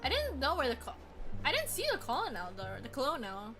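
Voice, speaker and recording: A woman's voice: high-pitched, huge pitch swings, a little fast, a bit bright. A woman streaming a game, chatty and playful, reading dialogue aloud. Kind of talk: casual gameplay commentary and reading dialogue. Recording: game music behind.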